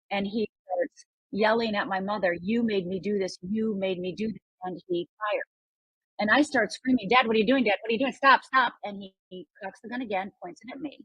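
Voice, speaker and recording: A woman's voice: mid-range voice, breathy edge, dry recording, low-quality recording. An older woman from Upper Michigan, a guest telling a personal story in an earnest, emphatic way. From Upper Michigan, United States.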